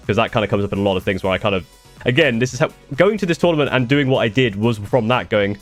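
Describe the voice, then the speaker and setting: A man's voice: medium pitch, animated, fast, soft background music. A young man chatting casually on a live stream, answering viewer questions in a rambling way with restarts and the odd swear. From United Kingdom.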